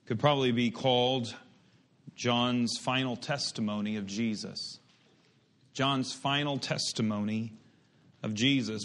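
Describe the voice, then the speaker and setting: A middle-aged man preaching a sermon, reading scripture slowly with rising emphasis, then turning quieter and reflective. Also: medium pitch. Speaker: pastor.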